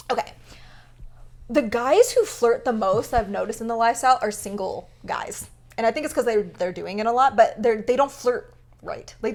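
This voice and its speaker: A woman co-hosting a podcast in casual chat, bubbly and quick to laugh. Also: fairly high pitch. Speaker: podcast co-host.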